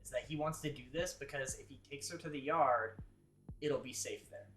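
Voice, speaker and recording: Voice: mid-range voice, moderate pace, fairly bright tone. A player in a tabletop game, working out a character's move aloud with many fillers and the odd curse. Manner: thinks aloud, with fillers and swearing. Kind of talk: tabletop role-play. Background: music.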